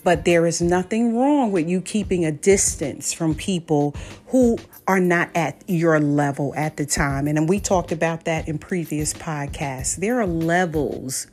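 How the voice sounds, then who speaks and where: Low-pitched, mellow-voiced woman podcaster. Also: a little slow, faint music behind. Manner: conversational, anecdotal, then preachy and emphatic. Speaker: podcast host. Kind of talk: faith-based storytelling talk.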